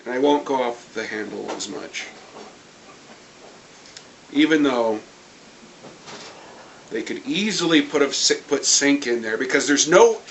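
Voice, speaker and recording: A man ranting as a comic book fan vlogger in an angry review, excitable and swearing often. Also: medium pitch, unhurried, long pauses, a little hiss or hum, low-quality recording.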